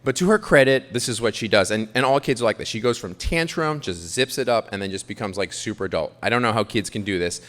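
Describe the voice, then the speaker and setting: A man in his thirties from Queens, New York, tells a confessional, self-deprecating story live on a theater stage. His voice is on the low side and a bit bright, and he talks fast with few pauses. A long hall reverb trails his words.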